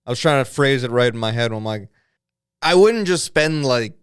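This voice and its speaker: A man's voice: medium pitch, moderate pace, clear, resonant tone, no echo, studio quality. A young man co-hosting a comedy podcast, rambling and swearing in casual banter. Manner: rambling, animated, swears freely. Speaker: podcast co-host.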